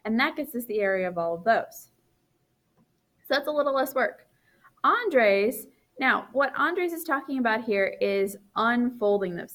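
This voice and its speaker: Sleepy lady math teacher talking thru a lesson, counts out loud, catches her own mistakes. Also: mid-range voice. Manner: talks while drawing, counts aloud, corrects own slips. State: tired, yawning. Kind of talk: recorded math lesson walkthrough.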